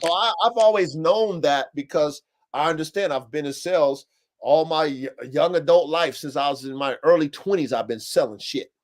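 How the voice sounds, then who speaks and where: A man in his thirties hosting a casual podcast chat, animated and slangy, with blunt profanity and acted-out customer quotes. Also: fairly high pitch, normal speed. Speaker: podcast host. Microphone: live-stream call setup.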